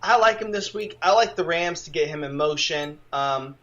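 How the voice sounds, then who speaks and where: A man's voice: fairly high pitch, moderate pace, dull audio. A man co-hosting a sports podcast, introducing segments and adding his own takes in casual chat. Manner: forceful, introduces segments and adds short opinions. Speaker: podcast co-host.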